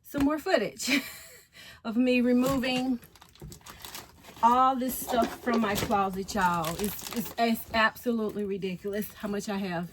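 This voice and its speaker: A woman's voice: fairly high pitch, steady tone, a little slow, noisy background. A woman chatting casually to her viewers in a home DIY vlog, laughing often as she talks. She records on a camera on a selfie stick inside a small walk-in closet. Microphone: camera on a selfie stick or mini tripod.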